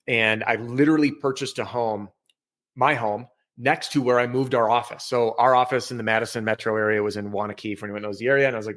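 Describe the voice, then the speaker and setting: A man's voice: medium pitch, steady tone, fast, fairly bright tone. A man as a podcast guest, telling his story in a candid, self-deprecating way.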